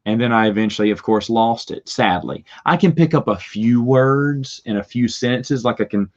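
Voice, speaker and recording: A man's voice: medium pitch, moderate pace, darkish tone. A middle-aged man telling rambling stories with restarts and little chuckles. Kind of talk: casual storytelling. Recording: dull lo-fi recording.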